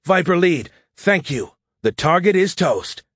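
A man voicing an excited young female pilot cheering a hit, in an audiobook. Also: high voice, a little slow, no room sound, clean studio sound, pitched above the performer's own voice, full character voice. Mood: elated. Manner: cheering, upbeat.

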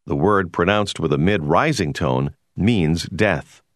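A man giving a scripted, measured narration for a language course. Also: sits low, dry recording, studio quality. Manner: measured, explanatory.

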